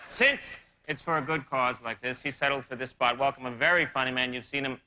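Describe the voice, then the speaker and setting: A man's voice: medium pitch, brisk, sharp tone. A man introducing a comedian from a live stage. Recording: noisy live recording from off-mic.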